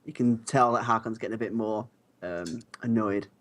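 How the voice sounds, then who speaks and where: A man's voice: lowish voice, normal speed. A man narrates his character's moves in a tabletop game. He hesitates often and fills the gaps with ums. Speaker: player.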